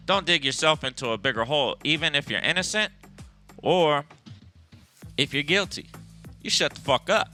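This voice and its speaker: Blunt, cussing man with a bright voice. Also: a little high. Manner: blunt, profane, street-smart. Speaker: EMS worker and instructor. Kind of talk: casual podcast storytelling.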